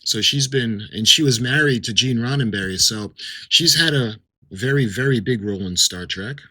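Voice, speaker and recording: A man's voice: medium pitch, normal speed, sharp tone, slightly rough, low-quality recording. A middle-aged man giving casual unboxing commentary, reading captions aloud and adding chatty asides. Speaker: model-kit unboxing vlogger.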